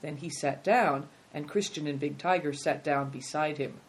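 A woman narrates a children's storybook aloud in a calm, measured way. Her voice sits a bit low for a woman, and she paces the sentences steadily.

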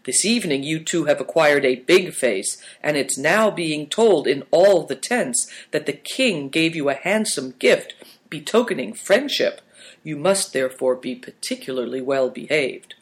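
A man's voice: a little high, animated, measured pace. A man doing a courteous, learned guide. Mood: instructive. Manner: instructive, courteous.

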